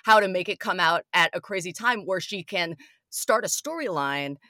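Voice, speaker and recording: A woman co-hosting a podcast, giving wry, analytical asides and swearing casually in relaxed chat. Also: fairly low pitch, normal speed, no echo, clean studio sound. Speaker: podcast co-host. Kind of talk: casual reality-show commentary.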